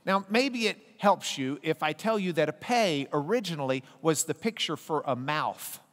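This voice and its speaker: A man teaching a Bible class in a big hall, his voice high and full of swings in pitch. He jokes and coaxes his listeners to say the letters back to him. The sound carries a long hall reverb. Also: expressive, normal speed, fairly bright tone. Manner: playful, coaxing a class to repeat letters.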